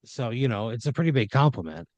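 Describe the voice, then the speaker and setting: A man's voice: mid-range voice, big pitch swings, fast, darkish tone, dry recording, highs cut off. A man improvising a second-person story as a podcast storyteller, rambling with uhs and restarts.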